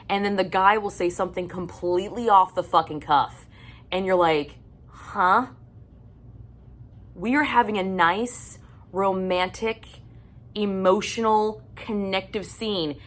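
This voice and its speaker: A fed-up woman vents to her viewers in a casual, cursing rant about romance novels. Her voice sits a little low, and she talks bluntly and with exasperation, sometimes dropping almost to a hush. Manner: blunt, profane, exasperated ranting. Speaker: book vlogger. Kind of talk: casual ranting monologue.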